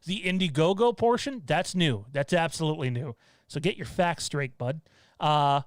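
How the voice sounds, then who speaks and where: A male host talks off the cuff on a home livestream, blunt and rambling, with bursts of swearing. His voice is smooth and fairly high for a man. The sound is dry and close. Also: lively intonation, normal speed, no room sound. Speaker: show host. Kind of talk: casual livestream chat.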